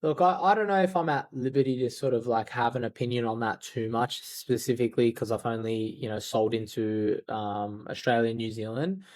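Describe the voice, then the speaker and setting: A man's voice: medium pitch, steady tone, fairly quick, few pauses, darkish tone, no room sound. Man, podcast guest, candid and loose, swears casually, dry close sound, mid-range voice. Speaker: podcast guest, outbound sales agency founder. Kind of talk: casual interview talk.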